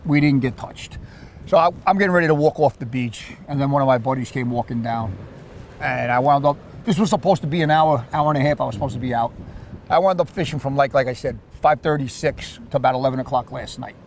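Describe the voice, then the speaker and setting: A man with a New York accent, chatting casually about fishing and telling animated stories, repeating and restarting his words. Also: medium pitch, fast talker, slight background noise. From Queens, New York. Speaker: surf fisherman. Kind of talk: casual chat.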